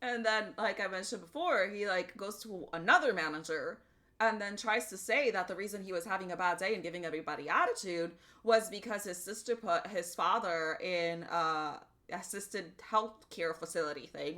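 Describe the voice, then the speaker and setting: Bright, animated woman streamer. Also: lowish voice, normal speed. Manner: animated storytelling, profane. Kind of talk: casual livestream chat.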